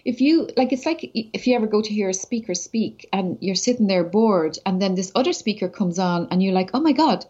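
An Irish woman, a social media entrepreneur, chatting as a guest and telling animated anecdotes in a casual, talkative way. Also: medium pitch, fairly quick, hardly any pauses, breathy edge. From Ireland. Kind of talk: casual conversational storytelling. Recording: slightly dull lo-fi audio.

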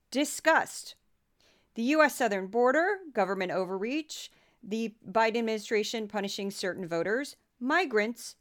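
A woman's voice: on the high side, fairly bright tone, clean tone. A middle-aged woman from the US Midwest hosting a podcast. She talks in a chatty, casual way, with wry and self-deprecating asides. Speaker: podcast host.

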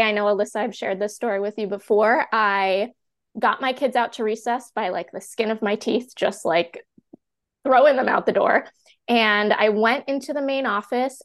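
A woman in her thirties, a teacher and classroom coach, telling her story as a podcast guest in a chatty, animated way full of "like" fillers. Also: on the high side. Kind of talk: candid personal storytelling in a podcast interview.

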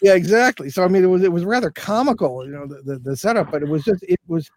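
An older man talks through a strange experience, circling back with fillers and restarts as he goes. His voice sits a little high. The sound is dry and close. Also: fast, darkish tone, dry recording. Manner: rambling, many fillers and restarts. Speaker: paranormal investigator guest. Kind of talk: storytelling in an interview.

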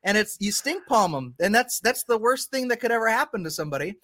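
A man's voice: high voice, animated, fast talker, a bit bright. A man hosting a podcast, bantering and joking with his co-host in casual chat.

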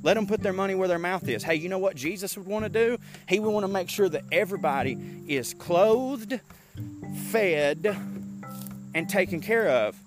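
A man, hosting a casual podcast rant while walking outdoors, animated, profane and rambling. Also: high voice, moderate pace, over music. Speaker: podcast host.

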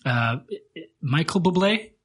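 A man's voice: fairly high pitch, lively intonation, slow pace, crowd noise. A man hosting a podcast in casual chat, easygoing and loose, chuckling and trailing off mid-sentence. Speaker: podcast host.

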